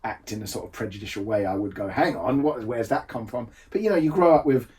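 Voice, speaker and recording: A man's voice: mid-range voice, fast, a little mellow, far from the mic. A man from England, a games designer, chatting casually on a podcast, laughing often and restarting his sentences. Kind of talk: casual conversation. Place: home room, seen on camera.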